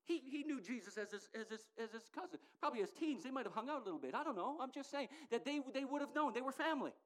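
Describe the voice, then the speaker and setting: A middle-aged woman preaches a sermon, her pitch swinging widely as she drives her points home. She speaks emphatically, rising to loud, ringing declarations before dropping back into earnest, close talk, expressive and fast throughout.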